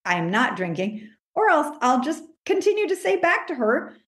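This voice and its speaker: A woman life coach talking in a casual interview, animated, acting out her own self-talk in a higher voice. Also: normal speed, roomy sound. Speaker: life coach, podcast guest.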